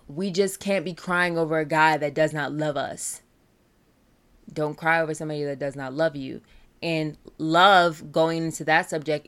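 Young woman, low voice, college student, candid personal talk, motivational. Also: a bit bright. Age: young adult. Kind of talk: personal talk on mental health.

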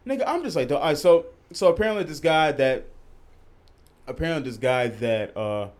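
A man's voice: on the high side, animated, fairly quick. A young man hosting a casual podcast, telling stories with heavy swearing and voice jumps when he gets outraged. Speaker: podcast host. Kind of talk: casual chat.

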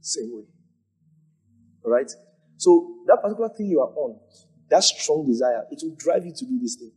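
A man pastor teaching a congregation, animated, repeating phrases and acting out moments as he preaches. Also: fairly high pitch, moderate pace, husky. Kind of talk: church teaching with questions.

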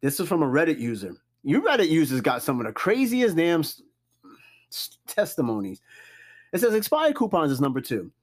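A man hosting a casual solo podcast, reading out a list and reacting with loud, profane, joking comments. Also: on the high side. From New York. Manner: animated, cussing, jokey reactions to a list. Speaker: podcast host.

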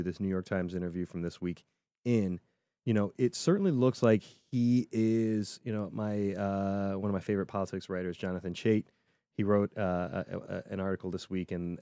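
A man with a low, mellow voice co-hosts a casual political podcast. He talks with energy and often repeats words as he restarts his thoughts. The sound is dry and close. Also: no echo.

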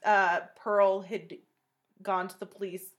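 A woman co-hosting a true-crime podcast in casual chat, animated and swearing often as she recounts details of a case. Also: mid-range voice, slow pace. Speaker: podcast co-host.

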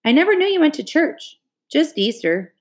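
A woman's voice: sits high, sing-song, normal speed, voice pushed up. Lady doing a spunky curious kid girl, light and teasing, storybook reading. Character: playful spirited young girl, curious.

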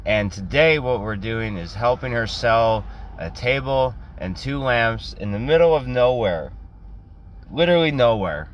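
A man's voice: medium pitch, lively intonation, a little slow, lo-fi sound. A young man telling a rambling, self-deprecating comic story in a casual way, acting out quotes in other voices.

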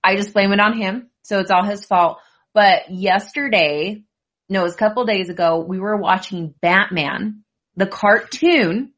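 A chatty American woman in her thirties hosts a casual talk among friends, telling stories and acting out what people said. Her voice sits in a middle pitch for a woman. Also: a little slow. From United States. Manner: chatty, animated storytelling with acted-out quotes. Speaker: host. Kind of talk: casual chat.

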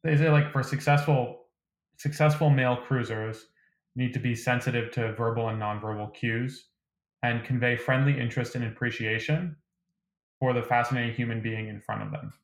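A man co-hosting a casual chat, relaxed and a little hesitant, with fillers. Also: medium pitch, normal speed. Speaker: podcast co-host. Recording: echoey room.

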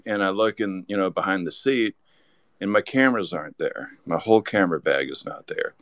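A man's voice: low voice, fairly quick, a bit bright, dry recording. A man telling a rambling anecdote as a podcast guest, with lots of restarts. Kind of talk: casual storytelling.

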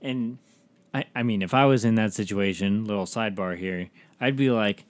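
A man's voice: fairly low pitch, moderate pace, no room sound. A man co-hosting a casual TV review chat, rambling and acting out characters' lines in quotes. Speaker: podcast co-host reviewing a TV episode.

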